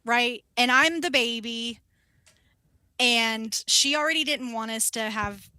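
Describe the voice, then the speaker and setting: A young woman talks through a story from her salon days in an animated, casual way, swearing freely and acting out the people she quotes. Her voice is bright and sits a little high. The recording is close and dry. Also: slow, no echo. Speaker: guest, wax specialist.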